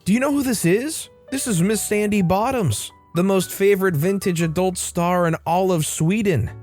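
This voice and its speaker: Guy doing a prankster in an over-the-top fake accent, high and gushy, darkish tone. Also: moderate pace, darkish tone, faint music behind. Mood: mock-reverent. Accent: deliberately embellished foreign accent. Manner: theatrical, gushing, mock-serious. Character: mischievous young man in a put-on accent.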